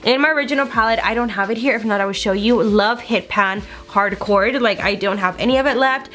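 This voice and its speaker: A young beauty vlogger with a fairly high voice tells a story while doing her makeup for her own channel, get-ready-with-me style. She talks fairly quickly, animated and casual, peppering her speech with "like" and "girl" and acting out what people said. She sounds close to the camera mic, at home.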